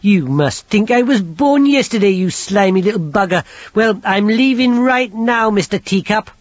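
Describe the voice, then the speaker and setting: A plain-spoken working-class locksmith, put on by a male reader, grumbles bluntly in a raised, lively, up-and-down voice. The recording is dull and dry, a lo-fi audiobook sound. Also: sits high, normal speed, no echo, voice pushed up. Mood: defiant. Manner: blunt and indignant.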